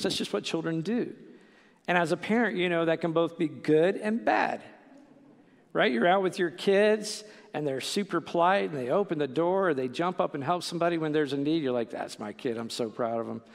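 A man's voice: on the high side, a little fast, gravelly, long reverb tail. A middle-aged man preaching a sermon in a conversational way, full of fillers and "right?" asides. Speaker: pastor.

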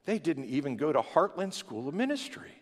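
A man's voice: on the high side, sing-song, a little fast. Impassioned male preacher in reverberant church. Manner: impassioned preaching that swells to loud declarations. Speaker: pastor. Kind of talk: sermon. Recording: long hall reverb in a church.

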